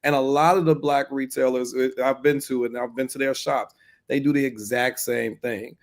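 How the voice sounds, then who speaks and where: A man's voice: medium pitch, steady tone, moderate pace. A man who owns a comic shop speaks earnestly in a casual panel chat, often repeating words as he builds his point.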